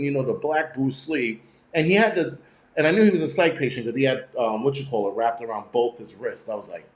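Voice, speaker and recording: A man talking casually to his viewers, swearing freely and restarting sentences as he tells his stories. His voice sits at an everyday middle pitch. The sound carries the echo of a bare room. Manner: profane, rambling storytelling with many restarts. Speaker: channel host. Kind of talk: casual live-stream rant.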